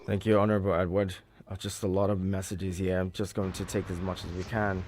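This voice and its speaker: A man's voice: low-pitched, level tone, fairly quick, a little mellow, slight background noise. A man hosting a call-in radio show with brief, courteous acknowledgments. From Nigeria. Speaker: radio host.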